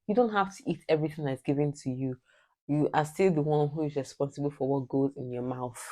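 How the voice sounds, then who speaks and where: A woman's voice: low-pitched, brisk, dark tone. Emphatic Nigerian woman giving advice. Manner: direct, preachy, emphatic repetition. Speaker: vlogger. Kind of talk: casual advice vlog.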